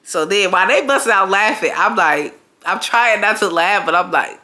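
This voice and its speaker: Lively profane woman storyteller, bright voice. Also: medium pitch, normal speed, a little hiss or hum. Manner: animated, profane, laughing through the story. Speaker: storytime vlogger. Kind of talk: casual storytelling.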